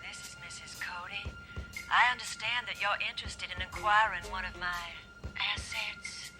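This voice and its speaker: A woman plays a seductive, scheming widow who purrs her lines in a coy, breathy way. Her voice sits mid-range. Music plays beneath her. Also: medium pitch, fairly even intonation, moderate pace, lightly acted. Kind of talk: 1980s sitcom acting.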